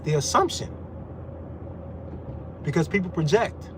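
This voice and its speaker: A man rants in a confrontational, profane way. His voice sits a little high for a man. There is clear noise behind him, with vehicle sounds. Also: animated, a little slow. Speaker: vlogger. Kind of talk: ranting monologue.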